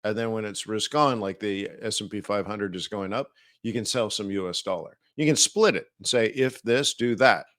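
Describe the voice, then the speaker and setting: A man's voice: on the low side, fairly quick, few pauses, a bit bright, no room sound, clean studio sound. A man hosting a live market-analysis stream, talking casually and rambling with many fillers and restarts.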